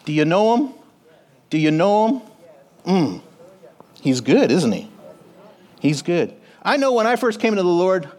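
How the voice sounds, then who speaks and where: A man preaches a sermon in a church sanctuary, his voice sitting a little high for a man. His delivery is animated, dropping low and rising loud as he calls out to the congregation. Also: a little slow, pauses often. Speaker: pastor.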